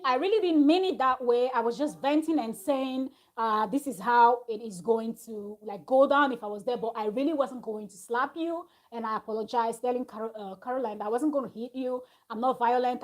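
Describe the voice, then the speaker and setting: A woman's voice: fairly high pitch, moderate pace. A woman hosting her own channel, chatting casually to camera as she retells a reality-show quarrel, recorded at home with her small child nearby. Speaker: reality TV review host. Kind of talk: casual gossip recap to camera.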